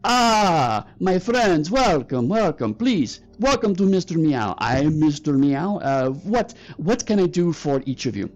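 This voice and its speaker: A fawning, flustered male cat who runs a grooming shop, voiced by a game master, pushing up into a higher, lively register with a clumsy fake accent. He gushes and stammers with exaggerated courtesy. The tabletop game sound is a little dull, with faint music underneath. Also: a little slow, hardly any pauses. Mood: welcoming. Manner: ingratiating, flustered, overly polite.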